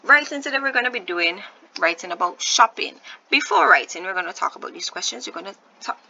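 A woman's voice: medium pitch, creaky, bright, forceful tone, dull audio, a little hiss or hum. A woman teaching a first-grade video lesson, patiently sounding out words syllable by syllable and encouraging her young viewers.

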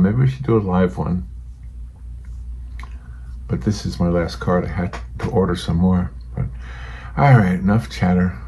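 A man's voice: lowish voice, creaky, dark tone, slight background noise, low-quality recording. A retired man in his sixties chatting in a rambling, self-deprecating way while he paints, getting a little emotional. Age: 60s. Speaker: hobby watercolor painter. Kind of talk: casual rambling chat.

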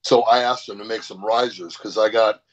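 A man guest in a casual interview, telling an animated, profane story about powerlifting. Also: on the low side, normal speed. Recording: dull lo-fi sound.

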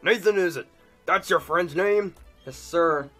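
A young man hosting a casual group gaming session, excitable and often laughing. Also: sits high, unhurried, soft background music. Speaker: gaming YouTuber host.

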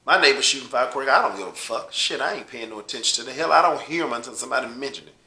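A man from Los Angeles hosting his own rant show, swearing heavily and getting louder and higher as he heats up. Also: rapid-fire, reverberant. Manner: swearing, heated, louder and higher when riled. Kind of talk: profane ranting monologue.

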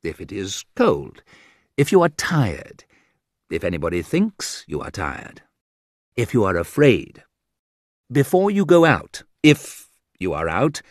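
Slow, lively-pitched ironic male reader. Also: no echo, studio quality. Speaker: narrator. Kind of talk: reading a humorous essay aloud.

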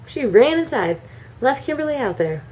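Mellow-voiced mom telling a story. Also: female voice, sits high, normal speed. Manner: animated, acts out every character. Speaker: mother telling a bedtime story. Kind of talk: casual storytelling to a child.

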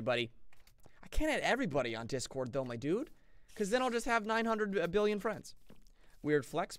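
A young man streams a game and banters with his chat in a playful, goofy way. His voice sits high and jumps around a lot in pitch. He gets excitable and shifts his energy constantly. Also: dry recording. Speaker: gaming streamer. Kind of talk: live-streamed gameplay commentary.

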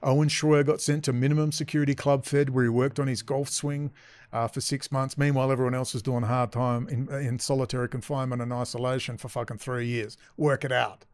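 A man's voice: medium pitch, flat delivery, brisk, a little mellow, dry recording. A middle-aged man delivering a profane, sarcastic political rant as a commentator. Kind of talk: ranting video commentary.

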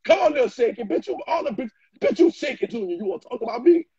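High lively man, flamboyant shouting rant, husky voice, muffled dry lo-fi recording. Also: fast talker, dry recording. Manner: loud, flamboyant trash talk with frequent shouting. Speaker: social media personality. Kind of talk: ranting reaction video.

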